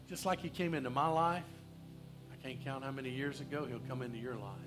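A male pastor preaching a sermon in church, quoting Scripture, asking the room for answers, and softening into prayer. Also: mid-range voice, a little fast, over music. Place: church, also streamed online.

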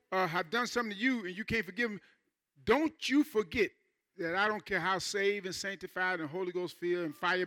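Bright and forceful, this high-voiced pastor delivers his sermon conversationally, tossing in brief asides where he plays members of the congregation.

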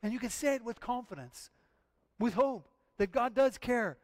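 A man's voice: very high-pitched, moderate pace. A male pastor preaching a sermon in an earnest, emphatic way, often repeating his phrases.

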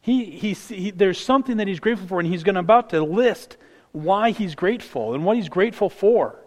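A young man preaching a casual, earnest sermon, often restarting his sentences and building up excitement. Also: high-pitched, fairly quick, in a large hall.

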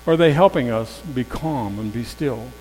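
A man preaching a sermon in a conversational storytelling way, swinging from loud emphasis to hushed tones. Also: mid-range voice, measured pace, faint music behind. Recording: long hall reverb with faint mains hum.

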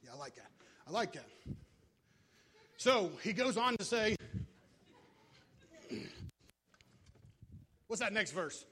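High-voiced preacher guy, out of breath, jokey and lively. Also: slow, pauses often, a little hiss or hum. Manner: animated, joking, moving about with props. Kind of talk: sermon. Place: church.

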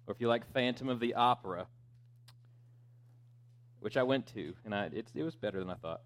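A man's voice: on the low side, brisk. A man preaching a sermon as pastor in a conversational way, with joking asides and fillers.

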